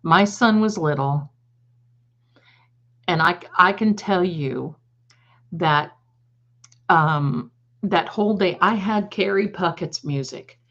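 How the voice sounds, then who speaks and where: A woman's voice: fairly low pitch, slow pace, pauses often, fairly bright tone. An older woman hosting a tarot livestream, telling rambling funny stories in a chatty, digressive way and laughing at her own jokes. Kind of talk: casual storytelling to a live audience. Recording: slightly dull lo-fi sound.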